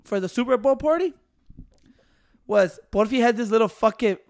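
High-voiced man, blunt and profane, casual co-host. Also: animated, normal speed, creaky, a little mellow, clear, resonant tone. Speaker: podcast co-host. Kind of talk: casual chat.

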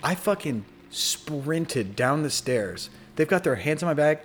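A young man telling a long, animated story in casual podcast chat, swearing freely and acting out the voices of the people in it. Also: fairly high pitch, unhurried. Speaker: podcast guest.

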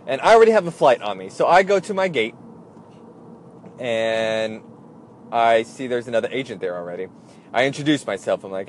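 A man's voice: lowish voice, lively intonation, moderate pace, pauses often. A young man recalls his time as an airline gate agent in a casual, meandering way. He keeps slipping into the voices of the people in his story, and a faint background noise runs under the recording. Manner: rambling, acts out others' voices in quotes.

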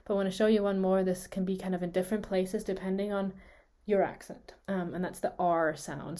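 A woman's voice: mid-range voice, fairly even intonation, brisk, few pauses, warm tone. Woman explaining speech sounds with demonstrations. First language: Swiss German. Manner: explanatory, demonstrates sounds aloud, laughs often. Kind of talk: podcast lesson, casual chat.

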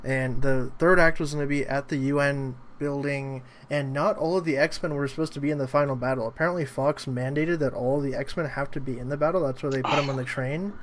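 A man's voice: mid-range voice, fairly even intonation, fairly quick, hardly any pauses, a little hiss or hum. A man in a casual chat, laying out behind-the-scenes details at length and hesitating with fillers. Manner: explaining trivia at length, with frequent "uh" fillers.

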